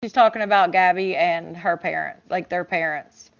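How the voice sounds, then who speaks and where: A woman's voice: on the low side, normal speed, creaky, lo-fi sound. A woman hosting a casual commentary stream, reacting bluntly to video clips with disbelief and some swearing. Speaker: host.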